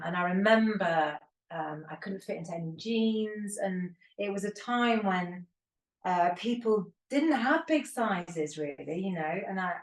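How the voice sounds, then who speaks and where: A woman in her fifties co-hosting a podcast, chatting candidly and telling long rambling stories. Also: fairly low pitch. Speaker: podcast co-host. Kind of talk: casual chat. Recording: roomy echo, distant from the mic.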